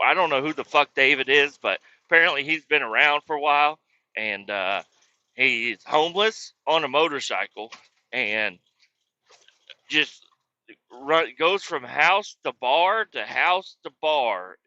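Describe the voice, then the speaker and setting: A man hosting a podcast, telling profane, animated comedic stories about family and old roommates. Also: a little high, a little slow, no echo. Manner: profane, animated, mocking retellings. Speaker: podcast host. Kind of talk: comedic storytelling. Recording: dull lo-fi, dry.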